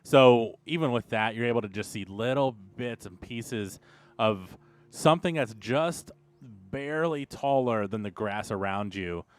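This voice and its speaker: A man's voice: medium pitch, unhurried, clean tone, dry recording. Man narrating as game master. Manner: descriptive, calls for rolls.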